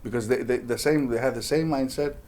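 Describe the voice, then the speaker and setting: A man co-hosting a casual chat, relaxed and repeating words as he thinks aloud. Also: mid-range voice, fairly quick.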